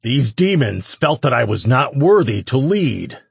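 A man voicing a furious young male demon lord who growls loud, commanding threats. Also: medium pitch, big pitch swings, measured pace, vocal fry, husky, dry recording, pitched above the performer's own voice, exaggerated voice. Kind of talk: audiobook character voice.

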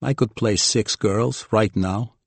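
A male audiobook narrator voicing a spoiled, brash young rich man who talks loudly and whines. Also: on the low side, takes it slowly, creaky, no room sound, exaggerated voice. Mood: casual. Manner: loud, whiny and boastful.

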